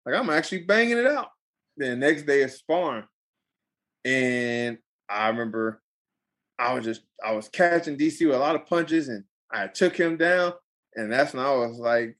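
A young adult professional fighter tells a story in a casual interview, speaking at normal speed in a mid-range voice. He's animated and emphatic and repeats phrases for effect.

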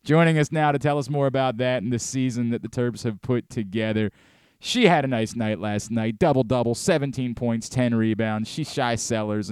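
A man's voice: mid-range voice, darkish tone, clean tone, dry recording, clean studio sound. A man hosting a sports talk radio show, giving heated opinions with emphatic repetition.

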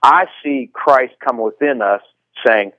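A man speaking as a guest on a radio interview, animated and quick with jokes and asides. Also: mid-range voice, highs cut off.

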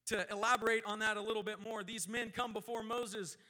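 A man preaching a sermon from a church pulpit as a guest speaker, his throat sore, moving between a steady teaching voice and loud, fervent prayer. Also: high-pitched, fairly quick.

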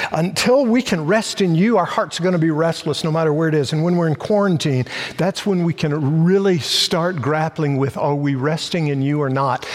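A man's voice: on the high side, big-room sound. A man preaching a sermon, reading scripture and stressing key words with rising force. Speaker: pastor.

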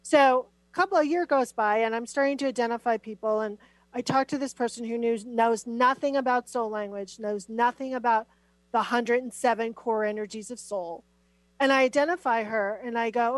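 Middle-aged woman guest on a podcast, kinda high voice, super animated and emphatic, dry close sound. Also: moderate pace, no room sound, low-quality recording. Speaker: podcast guest, spiritual teacher. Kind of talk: conversational podcast interview.

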